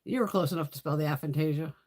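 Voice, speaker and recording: A woman's voice: low voice, rapid-fire, darkish tone. A woman beauty creator chatting casually on a live stream, rambling and swearing freely while answering viewers' comments.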